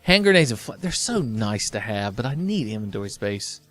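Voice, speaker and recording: A man's voice: lowish voice, big pitch swings, moderate pace, a bit bright. Male let's play host, sarcastic and foul-mouthed, rambling casual game commentary.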